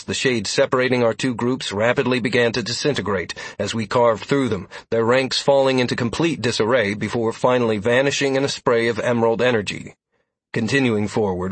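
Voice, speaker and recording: A man narrating a fantasy adventure in first person, in a steady storytelling manner. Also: mid-range voice, slightly rough, no echo. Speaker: audiobook narrator.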